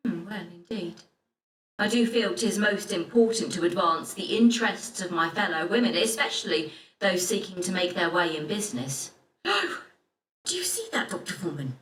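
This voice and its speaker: A woman's voice: on the low side, expressive, moderate pace, a bit bright, slight background noise. An actress playing an earnest, spirited Elizabethan lady poet who speaks in archaic formal English. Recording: roomy, distant game audio.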